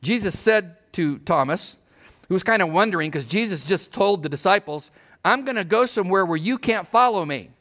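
A middle-aged man preaching a sermon as pastor, emphatic and animated, asking his congregation rhetorical questions. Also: sits high, normal speed.

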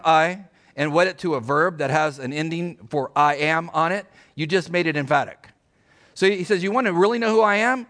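A middle-aged man preaching a sermon as pastor, emphatic and animated, asking his congregation rhetorical questions. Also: a little high.

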